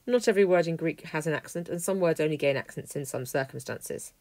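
A woman teaching a language lesson, explaining clearly and methodically, working through a text word by word. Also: deep voice, fast talker, a little mellow, dry recording. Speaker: Greek teacher. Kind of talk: lesson walkthrough.

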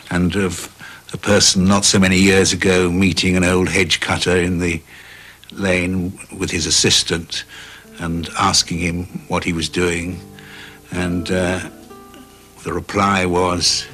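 A man tells an old anecdote slowly and deliberately, in a very deep voice with little rise and fall. Faint guitar music plays behind him. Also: flat delivery, a bit bright. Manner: slow, deliberate storytelling. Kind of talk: anecdote telling.

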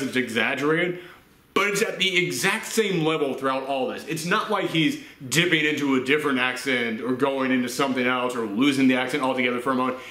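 A man's voice: mid-range voice, bright, forceful tone. A man from the Southern United States giving a casual film review, chatty, with laughing asides and acted-out quotes. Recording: roomy echo.

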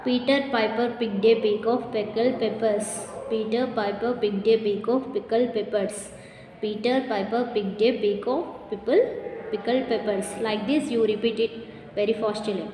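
A woman teaching English to schoolchildren in an Indian accent, speaking slowly and repeating words and phrases for the class. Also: on the high side, fairly even intonation, dark tone. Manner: slow, repetitive, addresses children, drills words aloud. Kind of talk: classroom lesson recording. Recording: echoey room, noisy class behind.

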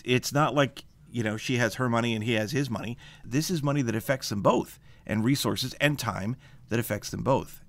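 A man co-hosting a scripture study show, reading a historical account aloud in a measured storytelling way. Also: medium pitch, no room sound.

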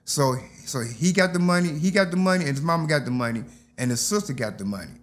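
A man's voice: on the high side, quick pace. A man, an interview guest telling a story in casual speech and acting out other people's lines. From Detroit, USA. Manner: animated, acts out others' lines.

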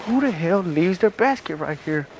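Brash high-voiced man taunting shoppers. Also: expressive, normal speed, vocal fry, noisy background. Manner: taunting, brash, name-calling. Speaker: prankster confronting shoppers. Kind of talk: confrontational street prank. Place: inside a large store.

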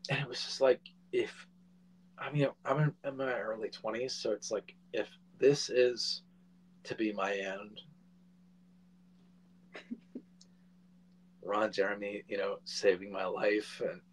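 A man in his forties, a filmmaker guest, telling a casual anecdote in an animated way and swearing freely. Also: on the low side, slow pace, pauses often, breathy edge, rough recording.

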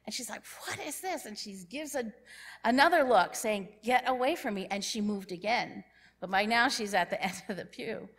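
A woman giving a sermon in a church, telling a story in a lively way and acting out what the people in it say. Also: medium pitch. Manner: lively storyteller who acts out characters' lines. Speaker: church speaker. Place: church sanctuary.

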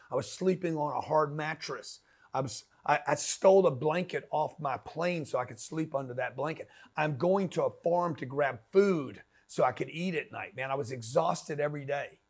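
A man's voice: fairly high pitch, breathy edge. A man giving a blunt, slangy motivational talk as a business coach, pushing the listener hard.

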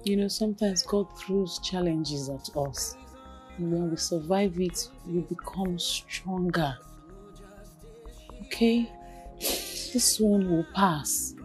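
A slow, soothing mother. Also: fairly low pitch, faint music behind. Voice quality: soft, soothing, coaxing. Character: gentle mother consoling her crying daughter.

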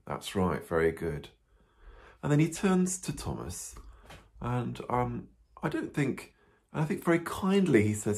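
A priest telling a Bible story to children, animated and full of questions, with frequent ums. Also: male voice, medium pitch, unhurried, creaky. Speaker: parish priest.

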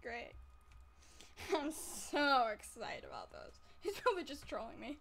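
A woman's voice: high voice, wildly swooping pitch, a little slow, vocal fry, a bit bright, slightly rough. A woman giving casual let's-play commentary over a game, giggly, playful and melodramatic. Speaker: gameplay commentator.

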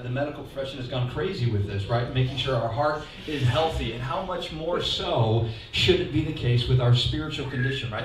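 A man preaching a lively sermon as pastor, leading the congregation in call-and-response. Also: fairly high pitch. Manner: animated, leads call-and-response, asks the congregation to repeat lines. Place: church hall. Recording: echoey hall, mic heard from a distance.

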